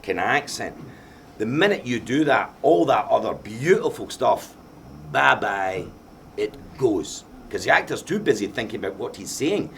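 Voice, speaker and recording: A man's voice: mid-range voice, expressive, normal speed, creaky, a bit bright, slight background noise. A middle-aged man with a Glaswegian accent, speaking passionately and emphatically in a post-screening question-and-answer session. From Scotland. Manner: passionate, emphatic, repeats himself. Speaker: film director being interviewed. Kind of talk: Q&A after a film screening.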